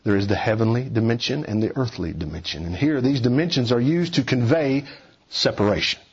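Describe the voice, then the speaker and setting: Husky-voiced male preacher, emphatic and urging, mid pitch, dull lo-fi recording. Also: brisk. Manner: emphatic, rising and falling for emphasis, urging listeners. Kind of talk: expository sermon.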